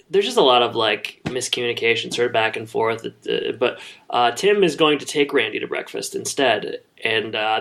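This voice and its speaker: A man co-hosting a podcast, casually recapping a sitcom episode with plenty of fillers and pauses. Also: medium pitch, vocal fry. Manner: relaxed, hesitant with many fillers. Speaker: podcast co-host.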